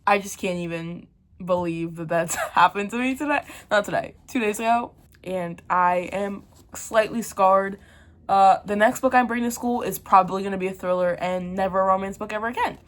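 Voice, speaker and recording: A teenage girl, a book vlogger, chats casually to her viewers in a mid-range voice at normal speed. She rants animatedly about books and laughs through a storytime.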